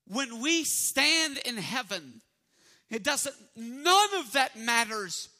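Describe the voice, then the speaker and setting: A man's voice: very high-pitched, very animated, takes it slowly, pushed and bright. A man pastor preaching a sermon and leading his congregation in call-and-response. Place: church sanctuary.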